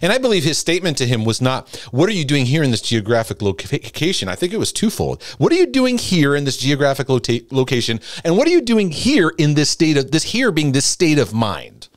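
A middle-aged man teaching in a sermon-like broadcast, acting out pleading prayers in a high voice. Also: big pitch swings, a little fast, hardly any pauses, no echo, studio quality. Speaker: Christian teacher and coach.

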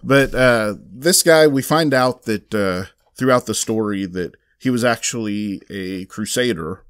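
A Southern man with a lowish voice chats through a comic plot on a podcast. He rambles and restarts, filling gaps with "uh". The sound is close and dry, with no room around it. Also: dry recording. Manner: rambling recap with many fillers and restarts. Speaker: podcast co-host reviewing comics. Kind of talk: casual podcast chat.

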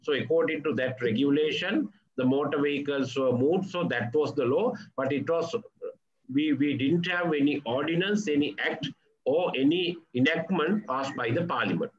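A man from Sri Lanka, a police media spokesman, giving a measured, halting workshop talk full of fillers and restarts over a video call. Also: fairly high pitch, highs cut off. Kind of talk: conference presentation.

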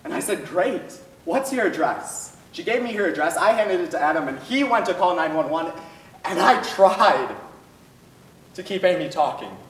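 A man's voice: high-pitched, expressive, normal speed. Teen guy performing an intense, echoey monologue. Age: teens. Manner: intense, shifting between loud outbursts and hushed lines. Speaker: speech team competitor. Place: school performance room. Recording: echoey room, mic far off.

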